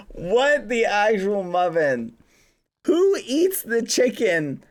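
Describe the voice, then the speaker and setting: A man's voice: high-pitched, big pitch swings, slow pace. A man streaming live, reading viewer stories aloud with frequent giggles and swapping swears for silly words.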